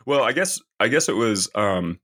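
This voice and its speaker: A man's voice: fairly low pitch, animated, moderate pace, fairly bright tone, husky. A man co-hosting a podcast, chatting casually with short replies and comments. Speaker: podcast co-host. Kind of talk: casual chat.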